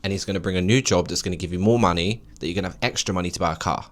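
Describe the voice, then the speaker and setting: Podcast host, male, late 20s, deep voice, rambling preacher energy. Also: racing. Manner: rambling and preachy, with emphatic encouragement. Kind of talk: solo podcast monologue.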